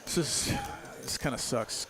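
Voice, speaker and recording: A man's voice: a little slow, a crowd in the background. A man from Louisiana with a Southern accent, commentating a live poker stream with playful banter. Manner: joking, playful banter with co-host.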